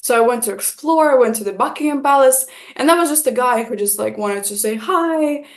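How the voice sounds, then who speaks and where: Young Estonian woman, non-native speaker, bright storyteller with a slightly high voice, lots of "like". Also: fairly quick. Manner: animated, acts out quotes, many fillers. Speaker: guest content creator. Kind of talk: casual storytelling chat.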